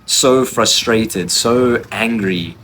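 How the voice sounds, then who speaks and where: A man with a fairly low voice tells a confessional story from his own life. He speaks with raw, intense emotion, stumbling and restarting as he goes. Faint ambient noise sits behind him. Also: very slow, a bit bright.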